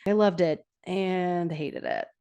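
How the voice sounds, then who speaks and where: Chatty woman podcaster, lower voice. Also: wildly swooping pitch, slow, creaky, dark tone. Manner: chatty, self-correcting, laughs often. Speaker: podcast host. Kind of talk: casual episode recap.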